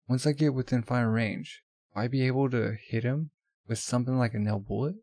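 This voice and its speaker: A man's voice: medium pitch, fairly quick, a little mellow, no echo, natural voice. Man reading as a determined young racer. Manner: tense inner monologue.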